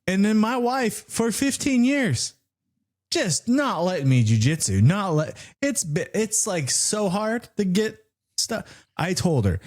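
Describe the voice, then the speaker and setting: Excitable man ranting with lively pitch. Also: measured pace, pauses often. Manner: excitable, swears freely, jumps into high-pitched retellings. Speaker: podcast co-host. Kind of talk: animated storytelling rant.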